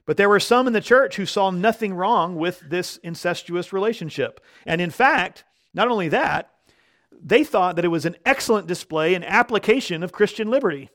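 A male pastor preaching a sermon, growing loud and slow on key words and when quoting scripture. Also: sits high, lively intonation.

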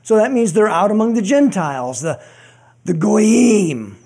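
Joking, high-voiced male preacher. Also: sing-song, measured pace, dark tone. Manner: joking, conversational preaching with asides. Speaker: pastor. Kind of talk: sermon.

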